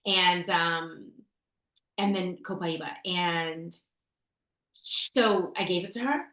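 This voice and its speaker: Low-ish, pushed and bright, this woman takes it slowly as she co-hosts a casual talk show on essential oil tips. Her story is chatty, dotted with fillers and restarts, and a roomy echo fills the recording.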